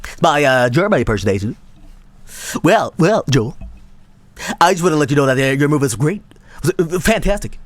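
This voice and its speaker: Gushing, high, repetitive streamer impression, played by a man; dry close sound, bouncing pitch. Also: very animated, quick pace, no room sound, lightly acted. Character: gushing male fellow streamer, overeager praise.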